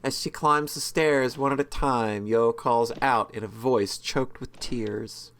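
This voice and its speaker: Expressive man reading a game aloud. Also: mid-range voice, takes it slowly, slight background noise. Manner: expressive reader, casual joking asides, frequent self-corrections. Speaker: let's-play host reading a visual novel.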